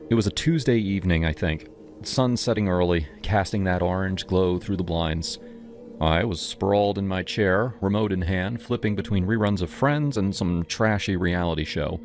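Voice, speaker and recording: Casting: deep male horror narrator, steady first-person storytelling, voice over a loud music bed.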